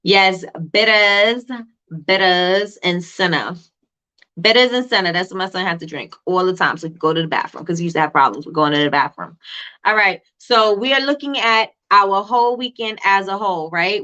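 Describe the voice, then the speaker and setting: A woman hosting a live coaching stream for small business owners, talking fast, repeating herself and answering the chat as she goes. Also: mid-range voice, bright, forceful tone.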